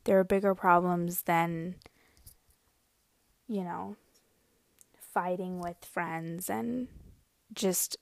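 Woman podcast host: chatty storyteller with a gravelly edge, dry close sound. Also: on the low side, fairly even intonation, extremely slow, pauses often, no room sound. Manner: chatty and rambling, full of "I mean" and "you know". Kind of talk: casual solo podcast storytelling.

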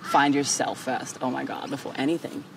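A woman in her thirties hosting a podcast, talking in an animated, emphatic casual way and swearing freely. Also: very deep voice, normal speed, creaky, noisy background. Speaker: podcast host. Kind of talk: casual chat.

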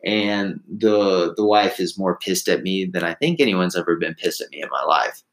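A man's voice: sits low, moderate pace, a bit bright, rough recording. A man casually telling a long story, rambling with restarts and laughing at himself.

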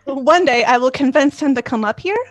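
A woman's voice: sits high, a little fast, no echo. A woman playing a tabletop game, chatty and giggly. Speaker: player.

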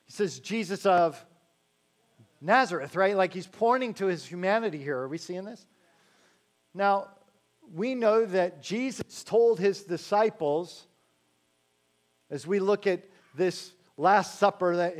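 A man preaching a sermon in a conversational way, slowing down to stress key phrases and adding joking asides to the congregation. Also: high voice, lively intonation. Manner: slows to stress key phrases, then rattles along quickly. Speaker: pastor.

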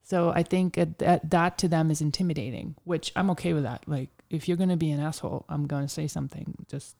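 A woman's voice: low-pitched, fairly even intonation, a little fast, creaky, warm tone. A woman talking as an interview guest, chatty and telling stories with plenty of "like". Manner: chatty storyteller, heavy use of "like". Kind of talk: casual interview conversation.

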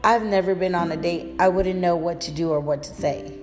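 A woman's voice: fairly low pitch, a little fast, darkish tone, big-room sound, soft background music, close to an everyday voice. A woman voicing a shy, nervous young woman before her first date in a read-aloud story. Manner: hesitant and anxious.

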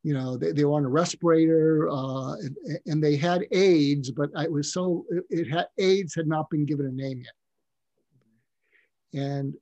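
Older male psychiatrist, interview guest, reflective and halting; warm, breathy tone; dry, muffled lo-fi audio. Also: a little high, steady tone, dry recording. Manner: reflective, halting, with frequent restarts. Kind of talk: personal storytelling in a conversational interview.

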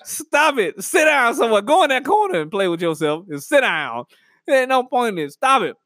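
A high-pitched man rambles through a comedic rant in a dry, close recording. He talks in an animated way and keeps cracking himself up as he riffs. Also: normal speed, no room sound. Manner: animated, rambling, laughs at own jokes. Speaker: comedic vlogger. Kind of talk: casual comedic monologue.

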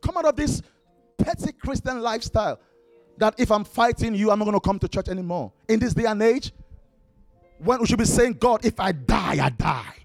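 A pastor with a high voice preaches briskly, urging his congregation on with repeated commands and breaking into worship song. He's recorded on a dry close mic with no room sound, worship music playing behind him.

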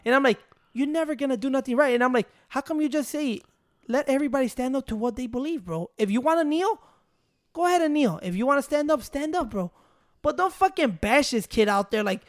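A man's voice: extremely high pitch, a little fast, dry recording, clean studio sound. A man on a casual podcast, telling a story in an exasperated, profane way. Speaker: podcast co-host. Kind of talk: casual chat.

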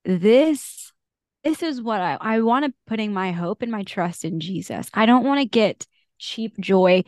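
A woman's voice: medium pitch, dry recording, clean studio sound. Earnest woman podcast co-host. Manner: earnest, confessional, with frequent fillers and laughs. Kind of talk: casual faith chat.

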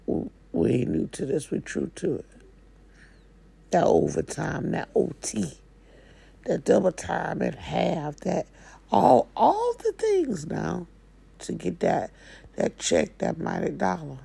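Slow gravelly woman, casual spiritual talk. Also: sits low, dark tone. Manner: folksy, drawling, slangy Southern-style speech. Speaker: spiritual coach. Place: living room at home.

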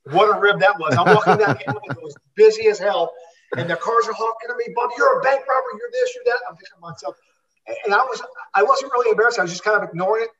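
Older man, high voice, rapid storytelling, rambling restarts, interview guest. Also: a bit bright, roomy sound. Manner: rambling anecdotes with many restarts. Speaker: interview guest, former wrestler. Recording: distant dull lo-fi sound.

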